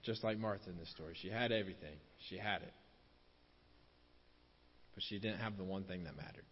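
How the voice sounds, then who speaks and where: A man delivers a sermon in a low voice, driving his points home by repeating them. The recording sounds dull and lo-fi, with a long reverb trailing off through a large hall. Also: a little fast, a little hiss or hum. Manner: repeats key phrases for emphasis, drops softer on closing lines. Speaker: preacher.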